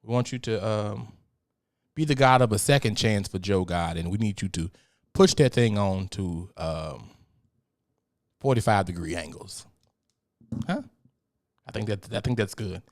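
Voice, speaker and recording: Unhurried and pausing often, the man speaks in a fairly low voice as he hosts a casual podcast alone. He rants with blunt, profane humor and becomes mock-preachy when he addresses God.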